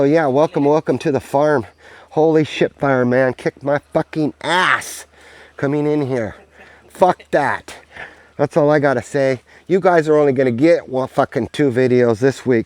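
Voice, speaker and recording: A man's voice: mid-range voice, a little mellow. A man walking his farm outdoors, rambling in an upbeat, sweary, casual vlog to a handheld camera. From United States. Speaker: vlogger, farm owner.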